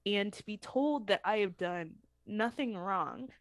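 A woman's voice: medium pitch, measured pace, no room sound. Earnest woman recounting her story. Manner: earnest, heartfelt, animated retelling. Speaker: professional wrestler interviewee. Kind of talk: candid interview storytelling.

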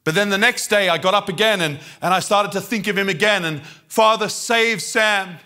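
A man preaching a sermon, telling stories with passion and moving between quiet and loud. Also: sits high, fast. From Australia. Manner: impassioned storytelling, swinging between quiet and loud.

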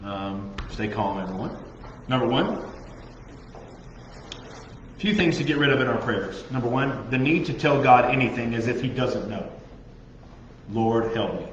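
A man's voice: medium pitch, normal speed, long pauses, slight background noise. Youth pastor guy joking through a sermon, dull recording, long reverb. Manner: joking, animated preaching with mocking prayer voices. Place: youth group meeting room. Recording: echoey dull room recording.

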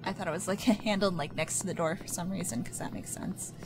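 A woman's voice: fairly low pitch, fast, over music, rough recording. A young adult woman hosting a casual let's play. She jokes, chats, and talks back to the game characters. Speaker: gaming channel host.

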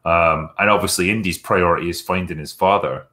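A man's voice: sits low, steady tone, fairly quick, sharp tone. A man chatting casually about a film, rambling with lots of fillers and laughing often.

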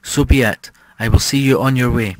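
A man reading an audiobook, voicing a soft-spoken, gently ironic old male recluse. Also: mid-range voice, fairly even intonation, moderate pace, dry recording, lightly acted. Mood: mild reproach.

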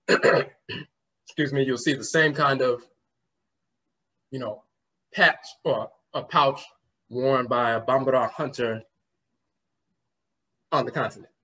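A man's voice: mid-range voice, steady tone, takes it slowly, pauses often, pushed and bright, husky. A man giving a conference lecture, explaining word roots and spelling terms out letter by letter, often trailing off with "and so forth". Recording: slightly muffled lo-fi recording.

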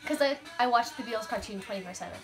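A woman's voice: a little high, very fast, soft background music. A teenage girl in casual chat, answering questions with lots of fillers and giggles. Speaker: guest answering tag questions.

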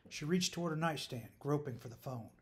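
Calm male audiobook narrator. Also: fairly high pitch, brisk. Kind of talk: scripted narration.

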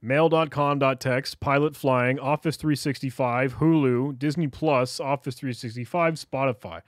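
A cybersecurity YouTuber, a man, casually talking through a screen recording, animated and jokey as he reads chats aloud. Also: mid-range voice, a little slow, dry recording, clean studio sound.

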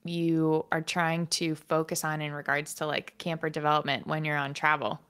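A woman hosting a podcast interview, reacting quickly and laughing along with her guest. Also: low voice, flat delivery, a bit bright, clear, resonant tone. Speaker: podcast host.

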